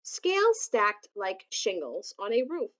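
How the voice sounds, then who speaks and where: A woman reading a children's picture book aloud, gently adding asides that explain things to young listeners. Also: medium pitch, wildly swooping pitch, takes it slowly, muffled recording.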